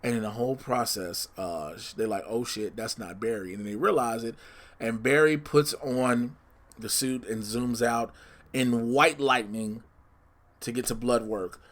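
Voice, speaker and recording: A man hosts his podcast alone, talking loosely and a bit scatterbrained. He stops to fix his own slips, then leans in like he is sharing a secret with friends. His voice sits in an ordinary middle pitch. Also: unhurried. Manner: scattered, self-correcting, chatty, teasing listeners with spoilers. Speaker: podcast host. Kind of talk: casual solo podcast recap.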